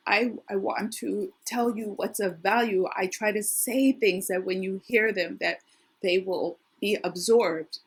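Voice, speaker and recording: A middle-aged woman with a worn, husky voice gives a casual tarot reading, chatty and thinking aloud with frequent restarts. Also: mid-range voice. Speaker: tarot reader.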